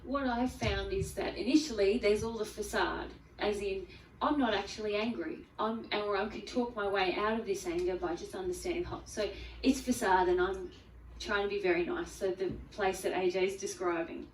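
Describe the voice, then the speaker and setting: A woman's voice: mid-range voice, fairly even intonation, moderate pace, hardly any pauses, slight background noise. A woman adding her own experience to a spiritual teaching talk, reflective and thoughtful. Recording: echoey room, mic at a distance.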